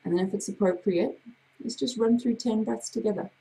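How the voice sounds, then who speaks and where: A woman hypnotherapist with a gravelly voice, leading a slow, soothing guided breathing exercise. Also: mid-range voice, dark tone, poor audio. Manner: slow, soothing, drawn-out guidance.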